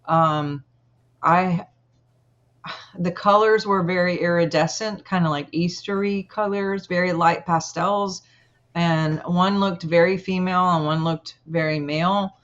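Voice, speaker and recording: A woman guest telling a personal story in an interview, earnest and halting, with many pauses. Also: fairly low pitch, steady tone, muffled recording.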